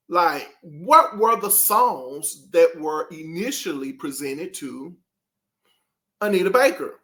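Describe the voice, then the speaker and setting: A man's voice: a little high, expressive, slow pace, bright, forceful tone. A man hosting his own channel, talking casually and rambling to his viewers, throwing out rhetorical questions. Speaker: channel host.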